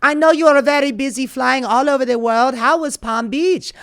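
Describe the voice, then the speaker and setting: A woman's voice: sits high, moderate pace, voice pushed up. A woman doing an impression of a gushing society wife with a put-on Slovenian accent, in a sugary, exaggerated way.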